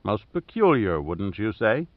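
A man doing a dryly witty adventurer, low-key. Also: sing-song, dry recording. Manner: measured, understated, dry. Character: calm, dryly witty male adventurer leader. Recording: dry, slightly dull audio.

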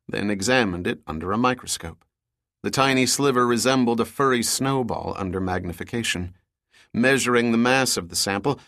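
Male audiobook narrator, average pitch, steady, dry close recording. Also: dry recording. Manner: steady, measured storytelling. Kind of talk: scripted narration.

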